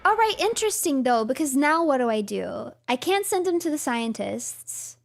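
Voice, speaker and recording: Excitable high-voiced woman streamer. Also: normal speed, creaky. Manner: excitable, talks to herself and chat. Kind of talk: game commentary.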